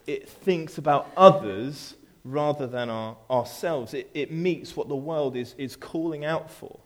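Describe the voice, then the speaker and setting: A man's voice: a little high, unhurried. A man preaching to his church, speaking casually with frequent restarts and playful asides. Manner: conversational, repeats words and restarts, playful asides. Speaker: pastor. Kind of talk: sermon.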